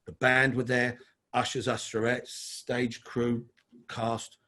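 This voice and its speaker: In a slow, monotone delivery, a middle-aged man from London swaps casual stories as an interview guest. His mid-range voice comes out pushed and bright, and he's chatty, calling the host "mate."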